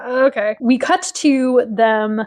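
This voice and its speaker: A woman's voice: on the high side, takes it slowly, darkish tone. A young adult woman co-hosting a podcast, casually recapping a TV episode, laughing often and quoting characters in put-on voices. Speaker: podcast co-host.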